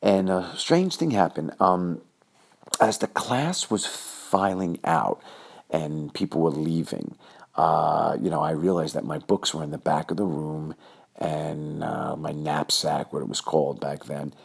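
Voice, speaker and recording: Recalling his younger days, this New York man speaks in a rumbling, gravelly, husky low voice at an unhurried pace. His rambling personal tale is packed with fillers and lively, acted-out quotes.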